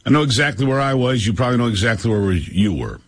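A man hosting a call-in talk radio show, speaking in a somber, measured way. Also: medium pitch, expressive, heavy background noise.

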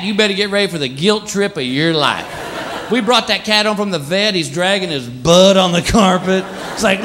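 A man's voice: high-pitched, very animated, moderate pace. A male stand-up comedian performing a routine on a club stage, acting out his pets in silly voices. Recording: live club recording, crowd and noise.

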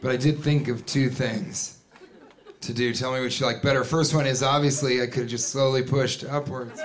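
A man doing a stand-up comedy set on a club stage, telling stories with sudden shouted voices. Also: medium pitch, steady tone, normal speed. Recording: live club recording with crowd noise. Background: audience laughter.

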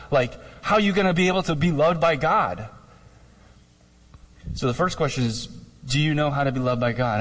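Male pastor, chatty animated preaching, slightly high voice, church-hall echo. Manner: conversational, animated, jokey asides. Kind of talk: sermon. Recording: long hall reverb.

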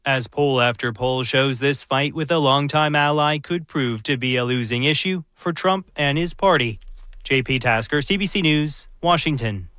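A man's voice: medium pitch, moderate pace, pushed and bright, smooth, dry recording, studio quality. A man filing a radio news report in clipped reporter narration. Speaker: news correspondent.

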